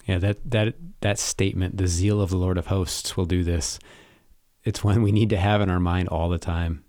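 A man co-hosting a church podcast, speaking in a reflective, measured way. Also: sits low, fairly even intonation, mellow, dry recording, studio quality. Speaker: pastor co-host.

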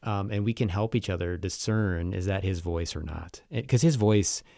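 A man's voice: low-pitched, normal speed, gravelly, dark tone, no echo, studio quality. A man co-hosting a podcast, discussing faith in a thoughtful, questioning way. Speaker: podcast co-host.

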